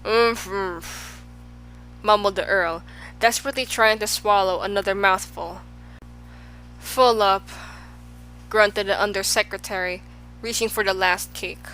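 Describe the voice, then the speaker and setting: A woman reading a children's novel aloud as an audiobook narrator, in a steady, clear storybook voice. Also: medium pitch, normal speed, soft background music, poor audio.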